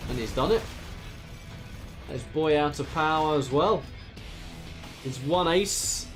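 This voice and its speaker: A man from near London with an Essex accent, giving lively play-by-play commentary on a strategy game match and reading out viewer chat. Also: a little high, takes it slowly, faint music behind. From England, near London. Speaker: esports caster.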